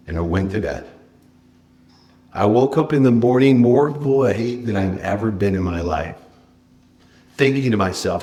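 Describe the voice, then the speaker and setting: A man giving a motivational keynote at a conference, telling a personal story with dramatic swings from loud bursts to hushed confession. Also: deep voice, normal speed. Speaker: keynote speaker. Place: conference stage.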